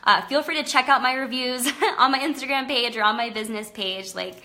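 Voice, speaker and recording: A young woman with a high, sharp voice speaks fairly quickly in a casual Facebook Live talk about her psychic business. She comes across as chatty and earnest, sprinkling in lots of "like" and "um."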